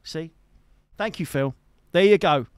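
A man's voice: a little high, unhurried, clear, resonant tone, no echo, clean studio sound. A man hosting a live music stream, chatting casually and teasingly to his viewers from a home streaming setup. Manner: chatty, teasing, jokey, fond asides. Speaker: live-streaming guitarist and host.

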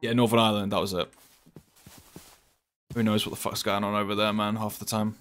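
A man's voice: on the low side, little pitch movement, brisk, a bit bright. A young man with an English accent, chatting casually with his live-stream viewers while he plays, reading out chat and swearing offhandedly. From England. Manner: laid-back, chatty, swears casually, reads chat aloud.

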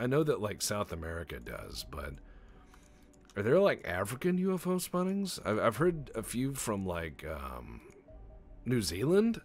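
A man giving casual let's-play commentary, rambling and joking with frequent profanity. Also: low voice. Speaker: gaming channel host.

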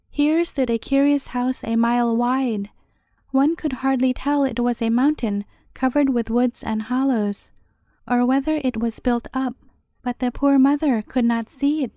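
A woman with a high, mellow voice reads a fairy tale as a bedtime story. Her narration is gentle and measured, and the recording is close and dry. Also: no echo.

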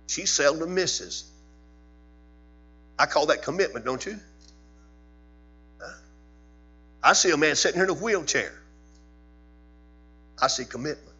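A man's voice: fairly high pitch, expressive, measured pace, pauses often, pushed and bright, breathy edge, soft background music. A man preaching a Sunday evening sermon in a church, repeating his points and firing questions at the congregation, rising into fiery peaks. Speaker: Baptist preacher. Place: church sanctuary. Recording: dull lo-fi church recording with hum.

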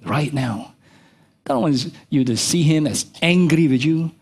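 A middle-aged man preaching a sermon as pastor, swinging between soft low asides and high emphatic peaks. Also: unhurried, husky. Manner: animated preaching, pitch jumping from low to high. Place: church.

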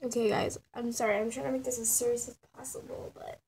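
A woman's voice: a little high, level tone, fast talker, a little mellow, slight background noise. A teenage girl casually narrating her animation process, rambling, laughing and mocking her own drawings. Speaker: channel owner showing her animation process. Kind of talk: casual self-mocking tutorial.

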